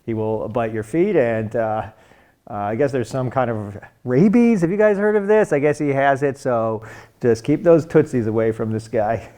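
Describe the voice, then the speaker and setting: A man on a comedy panel, rambling in a mock-serious, deadpan way with lots of fillers. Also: medium pitch, moderate pace. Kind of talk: deadpan absurd comedy chat.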